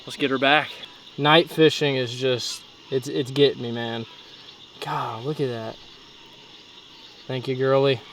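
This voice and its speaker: A young man vlogging from a boat on a night fishing trip, excitedly exclaiming as he talks, with crickets behind him outdoors. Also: mid-range voice, unhurried, pauses often, a little hiss or hum. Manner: excitable, exclaiming, breaks into whoops. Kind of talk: excited outdoor vlog commentary. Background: crickets and insects at night.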